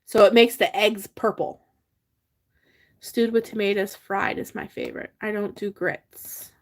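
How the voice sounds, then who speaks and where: A woman's voice: mid-range voice, flat delivery, unhurried. A woman hosting a casual livestream, chatting with viewers, reading their comments aloud and laughing often. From Pennsylvania. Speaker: livestream host.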